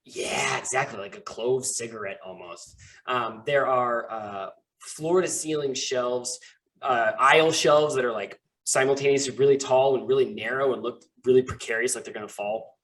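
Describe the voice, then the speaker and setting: Brief: laid-back male game master, mid-pitched, unhurried scene narration with filler words. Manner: relaxed, filler-heavy, describes scenes slowly.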